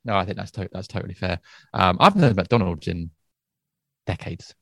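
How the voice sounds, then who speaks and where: A man co-hosting a podcast in relaxed, rambling casual chat. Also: sits low, fairly quick, creaky, no room sound, clean studio sound. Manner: relaxed, rambling, with soft laughs. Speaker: podcast co-host.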